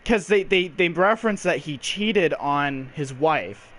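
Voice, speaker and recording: A man's voice: fairly high pitch, lively intonation, measured pace, fairly bright tone, slight background noise. A man co-hosting a casual movie review podcast, rambling and acting out quotes, with some swearing. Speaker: podcast co-host.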